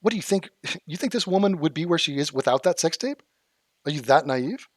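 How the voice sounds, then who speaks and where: A man's voice: a little high, lively intonation, brisk, crowd noise. A man from Los Angeles doing sarcastic, profane reaction commentary, mocking clips he reacts to. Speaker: commentary youtuber.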